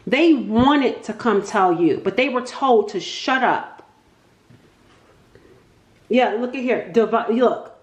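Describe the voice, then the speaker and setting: A woman giving a casual tarot reading, chatty and excitable, thinking aloud and often laughing. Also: a little high. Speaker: tarot reader. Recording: echoey room.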